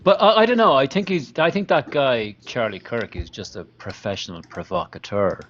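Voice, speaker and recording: A man on a live stream panel who speaks excitably and restarts his sentences with "I mean". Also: mid-range voice, moderate pace, highs cut off, a little hiss or hum.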